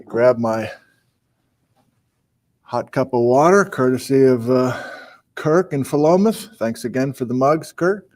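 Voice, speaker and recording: Man, live-stream host, casual and chatty, easygoing asides, average pitch. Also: unhurried, pauses often. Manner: chatty and relaxed, with frequent fillers and asides. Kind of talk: casual live-stream chat, reading out viewer locations. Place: small indoor room on a college campus.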